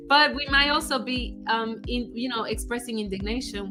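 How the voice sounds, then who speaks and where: Animated woman giving career advice. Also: a little high, moderate pace, over music. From United States. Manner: animated, acts out example phrases, laughs often. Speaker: career coach. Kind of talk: casual advice talk.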